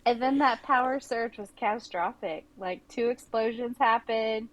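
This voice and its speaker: A woman's voice: on the high side, moderate pace, low-quality recording. A middle-aged woman co-hosting a podcast, chatty and casual, with many "like"s and "you know"s. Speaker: podcast co-host.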